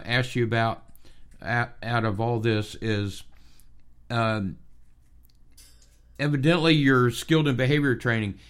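A man's voice: mid-range voice, clean tone. A man hosting a radio interview, talking hesitantly with many fillers. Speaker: radio show host.

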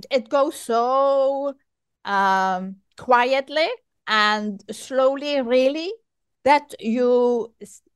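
An older woman hosting an interview, speaking haltingly and searching for words with many pauses on a close microphone. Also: fairly high pitch, a bit bright, clear, resonant tone, no room sound. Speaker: podcast host. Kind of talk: conversational interview.

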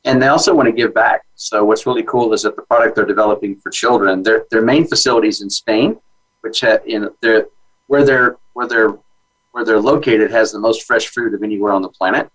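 A man with a fairly low voice talking as a guest in a casual interview. He explains things eagerly and at length, with frequent fillers and restarts. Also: fairly even intonation, a little fast, fairly bright tone, low-quality recording. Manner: enthusiastic, with many fillers and restarts.

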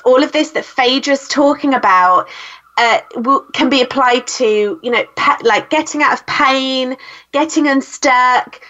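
A woman with a British accent hosting an interview show, chatty and quick to laugh, often restarting her sentences. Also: fairly high pitch, fairly bright tone, muffled recording. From Britain. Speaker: podcast host. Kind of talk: casual interview chat.

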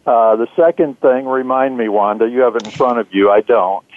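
A man, an author being interviewed, answering in a measured way with frequent "uh" fillers. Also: medium pitch. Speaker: author and guest. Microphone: phone. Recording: tinny dry phone line.

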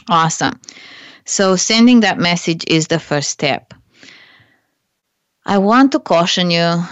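A woman's voice: sits low, slow, creaky, pauses often, no echo, lo-fi sound. A woman hosting a business coaching show, talking earnestly through her own stories, with hesitant restarts. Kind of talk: solo advice talk to camera.

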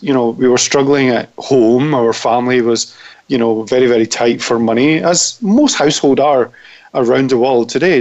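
Scottish guy on a call-in interview, earnest, bit muffled audio. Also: medium pitch. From United Kingdom. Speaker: guest.

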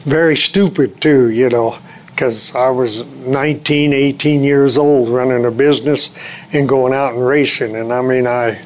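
A man's voice: mid-range voice, fairly even intonation, measured pace, rough recording. Older man telling rambling anecdotes. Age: 70s. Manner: rambling anecdotes, acts out quoted dialogue, frequent restarts. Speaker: retired race car driver, interview guest. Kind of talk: conversational storytelling interview.

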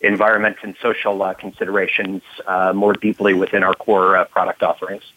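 A man guest on a radio interview, explaining his work in a halting way with many uhs. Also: low voice, monotone, a little hiss or hum. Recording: tinny phone line.

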